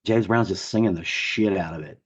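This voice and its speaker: A man with a gruff, hoarse voice co-hosting a podcast, chatting enthusiastically with lots of fillers. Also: deep voice, moderate pace, highs cut off. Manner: enthusiastic, rambling with many fillers. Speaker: podcast co-host. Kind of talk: casual chat.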